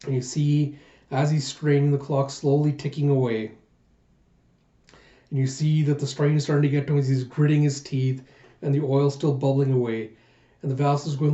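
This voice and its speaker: A man's voice: mid-range voice, little pitch movement, normal speed, warm tone. A man hosting a manga reaction, retelling the chapter in a loose, rambling way, in a muffled echoey room recording. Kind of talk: casual recap narration.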